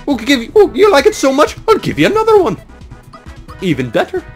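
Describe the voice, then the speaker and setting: A man's voice: very high-pitched, wildly swooping pitch, faint music behind, pitched above the performer's own voice, heavily acted. A man voicing a boastful, taunting male shark pirate in a clumsy, exaggerated pirate accent. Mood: gloating. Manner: gruff, taunting, drawn-out growls.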